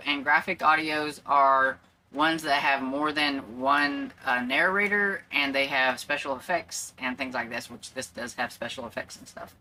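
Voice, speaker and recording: A woman's voice: low-pitched, bright, forceful tone, a little hiss or hum. A woman book vlogger chatting casually at home, rambling a little with plenty of fillers. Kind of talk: casual chat.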